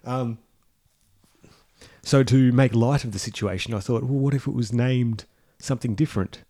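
A man's voice: medium pitch, steady tone, moderate pace, mellow. A man co-hosting a podcast, casual and rambling with frequent giggles. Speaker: podcast co-host. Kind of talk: casual chat.

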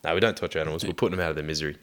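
A man's voice: rumbling low, steady tone, racing, background noise. An Australian man, a young adult, swearing freely and telling stories animatedly in casual chat.

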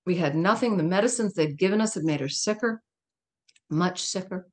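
A woman's voice: fairly low pitch, moderate pace. A middle-aged woman speaking as a guest in an interview, telling a personal story in a candid, emphatic way with laughs and asides.

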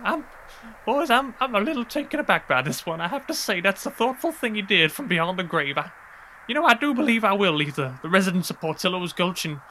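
A man voicing a menacing Western outlaw boss with a slow drawl in a comic game role-play. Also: sits high, very animated, pushed and bright, slight background noise, pitched above the performer's own voice, exaggerated voice. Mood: sentimental.

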